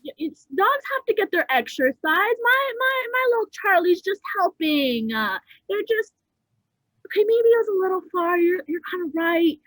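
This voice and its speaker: A woman's voice: very high voice, sing-song, fairly bright tone, no echo, full character voice, poor audio. A young woman improv performer playing a sweet, doting dog owner who stumbles over her words and gushes. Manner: halting, repeats words, gushing.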